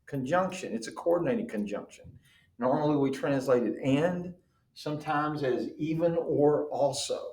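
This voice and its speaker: A man's voice: on the high side, normal speed, a little mellow, roomy sound. A man teaching a class, explaining patiently and checking in with the students. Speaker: Greek teacher. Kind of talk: classroom lecture.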